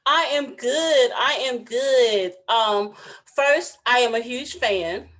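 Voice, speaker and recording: A woman's voice: on the high side, slow pace, a bit bright. Southern woman host, bubbly, jokey, easy conversational delivery. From Southern United States. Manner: bubbly and playful, jokes and does impressions. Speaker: interview host. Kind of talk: casual interview.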